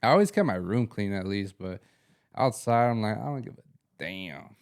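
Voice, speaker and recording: Man, young adult, low voice, smooth tone, casual podcast chat. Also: animated, normal speed. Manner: slangy, laid-back storytelling with laughs. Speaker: podcast co-host.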